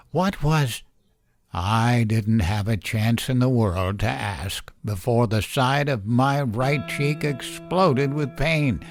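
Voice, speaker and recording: A man reading a scripted horror story aloud in a slow, grave storytelling manner. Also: mid-range voice, gravelly, a little mellow. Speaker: narrator.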